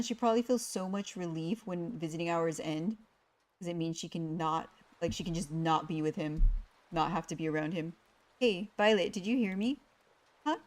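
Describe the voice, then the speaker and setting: A young woman streamer reading a visual novel game aloud, voicing its story with feeling and chatting between lines. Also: fairly low pitch. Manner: expressive, voicing the inner monologue with rising panic.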